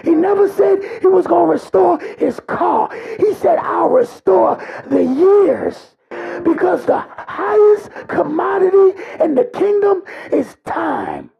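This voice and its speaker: A male preacher delivers a sermon in a strikingly high, gravelly voice, drawing his words out slowly. He preaches with raw passion, his voice cracking into cries and rising into shouts. The recording sounds dull and lo-fi. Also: animated.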